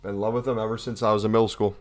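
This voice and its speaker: A young man from the United States chats casually on a livestream, reading out chat questions and answering them with jokes. His voice is on the low side with little pitch movement, and he talks rapid-fire over faint background music.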